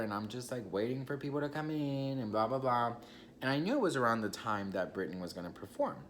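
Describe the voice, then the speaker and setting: A man's voice: mid-range voice, fairly bright tone, slight background noise. A young man telling a personal story in a casual, chatty vlog, swearing freely and talking straight to his viewers. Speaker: vlogger.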